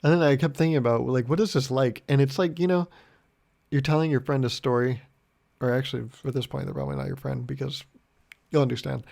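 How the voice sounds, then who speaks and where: Gravelly young man telling rambling stories. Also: mid-range voice, fast talker. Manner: deadpan, rambling, swears a lot, acts out both sides of conversations. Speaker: podcast host. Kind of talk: solo comedic storytelling podcast.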